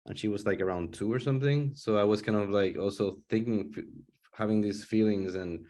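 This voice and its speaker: A man's voice: on the low side, fairly quick, dark tone. A young man and father talking about his film on a panel, thinking aloud and searching for words. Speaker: filmmaker. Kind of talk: casual panel discussion.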